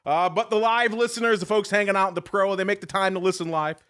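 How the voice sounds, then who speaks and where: A man's voice: high voice, steady tone, fast, a bit bright, clear, resonant tone. A man hosting a casual podcast, teasing his co-host and reading listener questions. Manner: joking, teasing banter. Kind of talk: casual chat.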